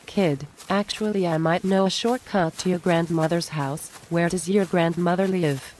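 A woman's voice: fairly low pitch, steady tone, moderate pace, darkish tone, slight background noise, close to an everyday voice. A woman voicing a bitter, vengeful male wolf who taunts and threatens, read close to a dry home mic. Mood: sly.

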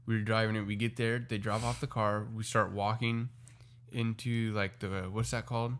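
A young man co-hosting a casual podcast, telling a story with animated energy and acting out the lines people said. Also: fairly low pitch, normal speed. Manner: animated storyteller who acts out quoted lines. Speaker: podcast co-host. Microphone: podcast microphone.

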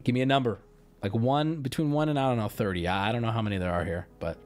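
A man streaming live, chatting casually with his viewers while he opens card packs, swearing and switching between loud bursts and mumbling. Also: medium pitch, fast talker, soft background music.

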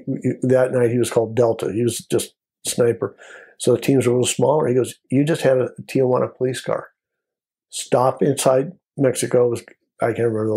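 An older man, a former border patrol agent, telling a story in an interview in a lively way and acting out the voices of the people in it. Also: medium pitch, husky. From United States. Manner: animated storyteller, acts out quoted voices.

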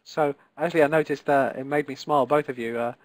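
A man's voice: mid-range voice, steady tone, fast, no room sound. A man teaching a live online Italian class, encouraging and patient, pronouncing Italian words carefully for his students.

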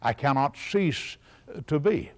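A middle-aged man preaching a sermon, emphatic and animated, often pausing on "uh" between phrases. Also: a little high.

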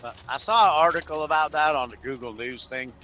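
A man's voice: mid-range voice, quick pace, bright, forceful tone, soft background music. A young man co-hosting a podcast, blunt and profane, teasing his friend. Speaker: podcast co-host. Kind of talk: casual crude banter.

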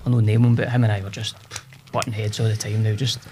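A man's voice: on the low side, flat delivery, quick pace, darkish tone, slight background noise. A Scottish man in his forties, a podcast guest telling stories about his past in a chatty, self-deprecating way. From Scotland. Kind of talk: casual podcast chat.

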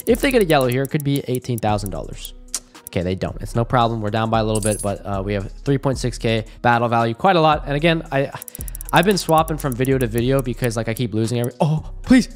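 A man's voice: mid-range voice, lively intonation, fast talker, faint music behind. A young man hosting an online gambling video, narrating each result to his viewers with frequent swearing, pleading and groaning. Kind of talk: live gambling commentary to viewers.

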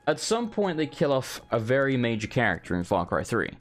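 A man's voice: medium pitch, sing-song, a little fast. A man giving rambling, casual, sweary commentary while playing a video game. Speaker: gaming host. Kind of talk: casual let's play commentary.

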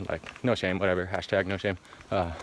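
A man talks to a handheld camera on a road-trip vlog, rambling and easily excited, dropping casual swears. His voice sits on the low side. Steady background noise runs clearly under the outdoor recording. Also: brisk. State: out of breath while hiking. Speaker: van travel vlogger. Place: outdoors in a forest and in a van.

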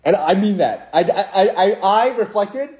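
A young man hosts a casual live stream and answers viewer comments. His voice sits a little high, and his talk is playful and jokey, full of restarts. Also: expressive, moderate pace, darkish tone. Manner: playful, jokey, rambling with restarts and sudden mock-sad drops.

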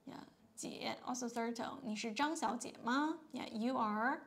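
A woman with a Chinese accent teaching a beginner lesson, patiently repeating words and filling pauses with "yeah" and "okay". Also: on the high side, a bit bright. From China.

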